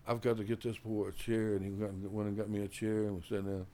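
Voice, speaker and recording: A man's voice: little pitch movement, quick pace, mellow, a little hiss or hum. Older man rambling through jazz stories. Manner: rambling, full of "you know" and "man", restarts; acts out others' quoted lines with raised pitch. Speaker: jazz musician telling stories. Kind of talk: casual storytelling.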